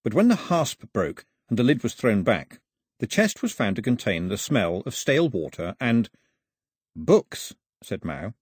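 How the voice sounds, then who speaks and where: A man narrating an audiobook as a lively storyteller, in a husky voice, recorded on a close studio mic. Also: mid-range voice, normal speed, dry recording. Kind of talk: scripted narration.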